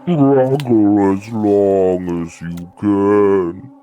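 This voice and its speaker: A man doing a slow, deep bloated monster. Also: fairly even intonation, dark tone, slight background noise. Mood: taunting. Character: hulking bloated rotting monster, menacing.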